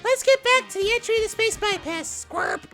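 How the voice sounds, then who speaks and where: A tiny alien critter squeaks in a fussy, high voice for a game playthrough. The voice sits far above his own, thin and excitable. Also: moderate pace, music in the background. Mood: relieved.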